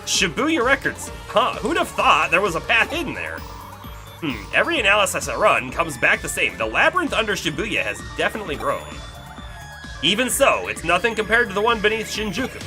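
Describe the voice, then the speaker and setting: A streamer reading the lines of a brisk, analytical detective boss in a matter-of-fact way. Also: medium pitch, wildly swooping pitch, over music.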